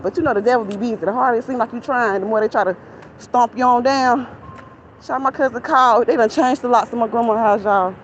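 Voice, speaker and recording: A young adult woman vlogger, her voice a little high, rambles out of breath while walking outdoors near a shopping center. Chatty and candid, she vents to viewers, captured on lo-fi phone audio with traffic noise.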